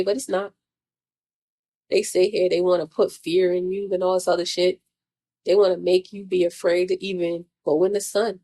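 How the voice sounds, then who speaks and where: A woman vlogger with a fairly low, gravelly, mellow voice vents in a casual spiritual monologue. She's blunt and profane, and she keeps firing off rhetorical questions.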